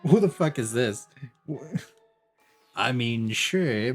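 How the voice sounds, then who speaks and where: A man chatting as he streams a game. He cracks jokes, swears and laughs freely in a middle-pitched voice, with faint music playing behind him. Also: expressive, takes it slowly, pauses often. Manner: joking, swearing, laughing banter. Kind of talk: casual game commentary.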